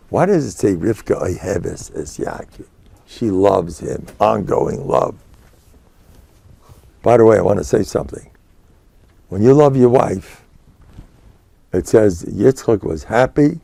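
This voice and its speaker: A man's voice: fairly low pitch, creaky, warm tone. An older American man, a rabbi giving a Torah lecture, telling stories in a digressive way and scattering Yiddish and Hebrew terms through his talk. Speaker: rabbi and spiritual mentor.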